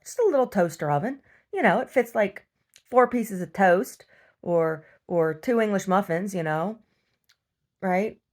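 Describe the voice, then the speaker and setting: A woman's voice: mid-range voice, expressive, unhurried, darkish tone. A woman host telling a long casual story, rambling and chatty, full of fillers and restarts. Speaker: podcast host.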